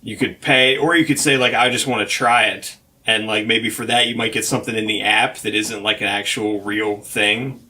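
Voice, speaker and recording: Bright-voiced man rambling through ideas. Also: lowish voice, fairly even intonation, moderate pace, few pauses. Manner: rambling, hedging, thinks aloud with many restarts. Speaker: podcast co-host. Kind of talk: casual chat.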